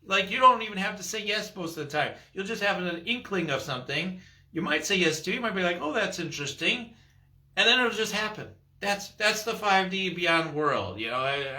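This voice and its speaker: A man's voice: fairly high pitch, pushed and bright. A middle-aged man coaching on a live stream, rambling enthusiastically and acting out little voices. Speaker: spiritual sales coach.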